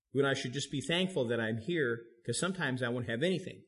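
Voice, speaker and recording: Pastor, male, middle-pitched voice, conversational sermon delivery, pushes pitch up for emphasis. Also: animated, fast talker, hardly any pauses.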